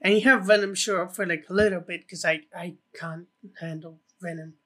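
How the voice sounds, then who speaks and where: A man with a high, bright voice co-hosting a casual film podcast. He pitches ideas eagerly, swearing freely and leaning on fillers as he goes. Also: fairly even intonation, fairly quick. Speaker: podcast co-host.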